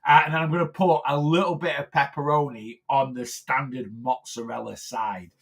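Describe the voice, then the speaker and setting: Chatty man with a gravelly voice. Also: mid-range voice, steady tone, normal speed, fairly bright tone. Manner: rambling, chatty, with frequent fillers and restarts. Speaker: weight loss coach. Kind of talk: casual live stream chat.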